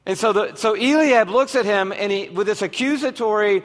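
High-voiced preacher in a reverberant hall. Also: male voice. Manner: slow, emphatic preaching with dramatic pauses. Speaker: pastor. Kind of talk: sermon.

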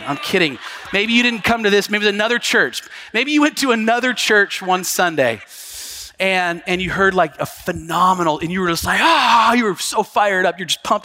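A male pastor preaching from the pulpit, his voice high and bright. He talks to the congregation like friends, breaking into loud acted-out quotes and jokes before settling back into earnest teaching. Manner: animated, acts out quotes with big jumps in pitch and volume; conversational, jokes and asides to the congregation. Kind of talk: sermon. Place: church sanctuary.

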